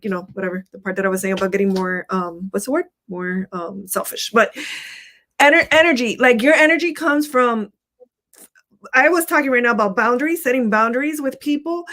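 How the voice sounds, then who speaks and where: A woman's voice: fairly high pitch, fairly bright tone. A middle-aged woman co-hosting a motivational talk show, talking with energy and often repeating herself. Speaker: co-host.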